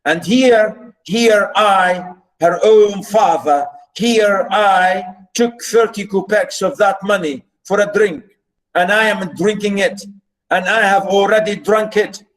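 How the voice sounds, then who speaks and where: A man reading aloud as a drunken, self-pitying old father who begs for pity, in a pleading, repetitive, drawn-out way. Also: sits high, a bit bright, pitched above the performer's own voice, poor audio.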